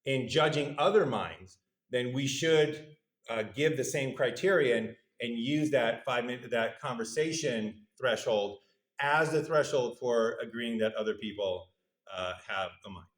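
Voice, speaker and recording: A man giving a university lecture at a middle pitch, conversational and good-humored, turning to the audience with questions. The room is roomy and echoes around him. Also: unhurried. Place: lecture hall.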